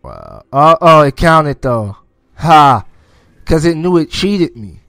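A man narrates his own gameplay in a loose, excitable way. His voice sits a bit high and swings widely in pitch, and he curses and taunts enemies as he goes. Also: slow, no echo, clean studio sound, soft background music. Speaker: gameplay commentator. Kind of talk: casual gameplay commentary.

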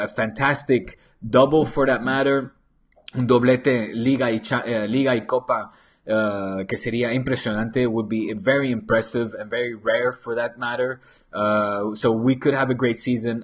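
Husky man chatting on a football stream. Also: mid-range voice. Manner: casual, rambling, many restarts and fillers, slips into Spanish phrases. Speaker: football channel host. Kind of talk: live-stream football chat reading viewer comments. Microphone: desk microphone.

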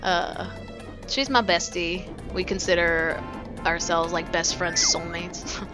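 A woman's voice: on the low side, fairly even intonation, slow pace. A young woman giving casual, rambling let's-play commentary, full of "like" and swearing, giggling often. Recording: game music behind voice.

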